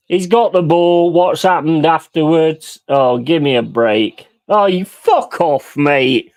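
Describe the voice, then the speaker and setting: A man's voice: on the high side, takes it slowly. A man hosting a football watch-along, ranting furiously with heavy swearing about refereeing decisions. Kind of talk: live football reaction commentary.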